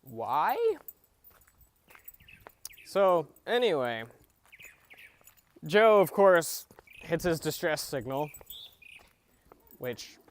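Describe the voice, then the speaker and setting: Young male podcast host, slightly high voice, slow, hesitant, opinionated casual recap. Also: very animated. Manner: halting, many fillers and restarts, opinionated. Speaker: podcast host reviewing TV episodes.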